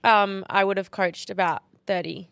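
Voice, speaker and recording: Woman co-host, mid-pitched, blunt and foul-mouthed, casual podcast banter on a dry close mic. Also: steady tone, normal speed, vocal fry, a bit bright, smooth, no echo. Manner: blunt, swears freely.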